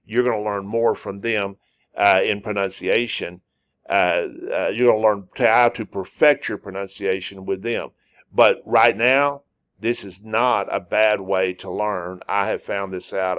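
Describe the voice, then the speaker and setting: Man teaching, repeating syllables slowly. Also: low-pitched, fairly bright tone, clear, resonant tone. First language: English. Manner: repetitive, drawn-out demonstrations of syllables with frequent fillers. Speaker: language teacher. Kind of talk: casual spoken lesson.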